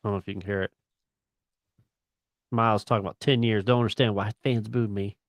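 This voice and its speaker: A man's voice: fairly low pitch, steady tone, fairly quick, no echo. A man co-hosting a sports radio show, blunt and opinionated as he rants about games. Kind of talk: casual sports chat.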